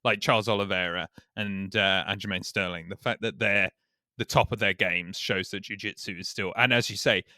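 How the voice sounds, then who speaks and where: A man talks on a podcast in long, rambling runs, restarting often and swearing casually. His voice is lowish but bright and forward. The sound is dry and close. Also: fairly even intonation, moderate pace, no room sound. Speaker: podcast co-host. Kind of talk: casual chat.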